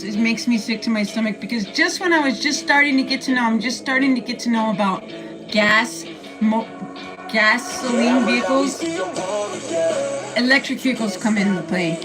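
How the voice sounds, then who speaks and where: An older woman hosting a casual livestream from her room at home, blunt and profane as she rants. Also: high-pitched. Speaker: livestream host.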